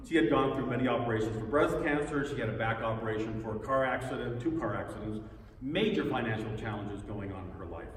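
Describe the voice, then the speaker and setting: A man giving a personal testimony talk at a spiritual center, telling stories with pauses and repeated words. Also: mid-range voice, slight background noise. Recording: echoey hall, distant mic.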